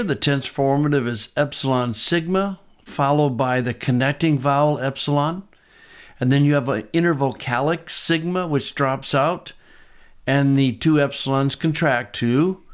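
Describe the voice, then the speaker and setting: Slow, methodical male Greek teacher. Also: mid-range voice, clear, resonant tone. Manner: methodical, asks rhetorical questions. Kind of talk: verse-by-verse Greek grammar lesson.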